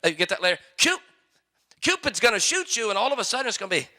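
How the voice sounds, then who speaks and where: A man's voice: high-pitched, big pitch swings, fast, pushed and bright. A male pastor preaching a sermon to young people, folksy and full of joking stories.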